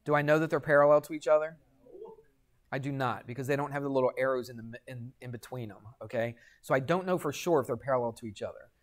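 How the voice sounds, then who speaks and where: Lecturing fast in a mid-range voice, a middle-aged high school math teacher fires questions at his class and then answers them himself. Jokey asides pepper the lesson.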